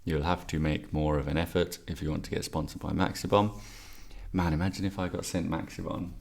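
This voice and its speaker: A man's voice: low-pitched, flat delivery, fairly quick, creaky, darkish tone. A man teaching English exam answers in a video lesson, chatty and wry, with joking asides between the answers.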